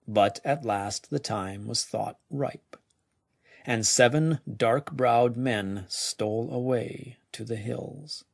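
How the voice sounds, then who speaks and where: Gravelly guy reading a dark old story real slow, dry close sound. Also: medium pitch, dry recording. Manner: measured, dropping to near whispers. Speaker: narrator. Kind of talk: slow scripted story narration.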